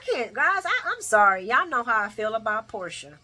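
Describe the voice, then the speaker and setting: Expressive woman recapping her soap, bright voice. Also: fairly high pitch, normal speed, few pauses. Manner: expressive, talks back at characters, laughs often; chatty, addresses viewers directly. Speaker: soap opera recap vlogger. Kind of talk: casual daily recap commentary.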